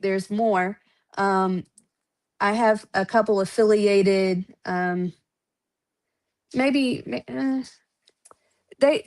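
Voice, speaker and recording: A woman, a wrestling promoter chatting casually on a podcast, listing shows with lots of fillers and frequent laughs. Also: medium pitch.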